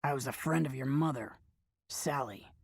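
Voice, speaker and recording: Wheedling old male panhandler, raspy drawl, deep and dark, put on by a woman narrator. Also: normal speed, no room sound, clean studio sound, exaggerated voice.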